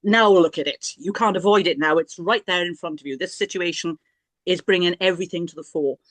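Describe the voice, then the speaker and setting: A woman's voice: fairly low pitch, a little fast, fairly bright tone, no room sound. A middle-aged woman, a priestess and healer, telling a personal story in a chatty, self-mocking way with many restarts and asides.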